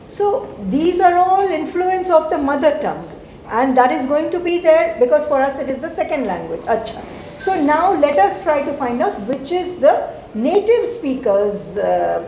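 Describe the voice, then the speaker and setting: A woman's voice: sits high, darkish tone. A woman teacher with an Indian English accent, explaining step by step at a group meeting and switching between English and Hindi. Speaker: teacher and mentor. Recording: echoey room, faint background noise.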